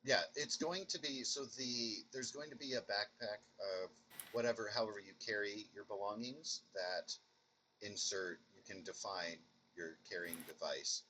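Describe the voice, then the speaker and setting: A man in the role of game master, explaining the scene in a relaxed way with asides. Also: on the low side, normal speed, slight background noise, poor audio. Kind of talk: narrating a tabletop game.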